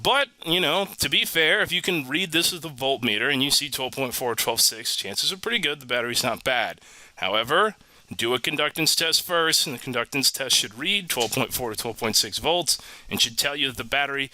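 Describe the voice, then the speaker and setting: A man's voice: medium pitch, expressive, a little fast, sharp tone, no room sound, low-quality recording. A man teaching an automotive electrical lesson in a casual, joking way, full of asides. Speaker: automotive instructor. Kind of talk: recorded online lesson.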